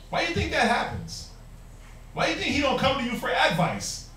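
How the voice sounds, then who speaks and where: A man's voice: extremely high pitch, very animated, fairly quick, pushed and bright, slight background noise. A man teaching a Bible class, preaching emphatically with rhetorical questions and mocking quotes. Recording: echoey room, mic far off.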